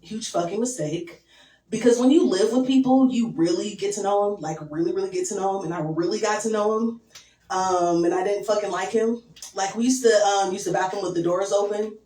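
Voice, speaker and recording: Crude deadpan woman doing stand-up. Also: mid-range voice, brisk. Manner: crude, deadpan, filler-heavy. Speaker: stand-up comedian. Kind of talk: stand-up set. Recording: echoey room from far off.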